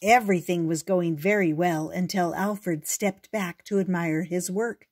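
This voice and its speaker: An older woman reading a children's picture book aloud in a gentle, expressive storytelling voice. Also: fairly low pitch, a little slow.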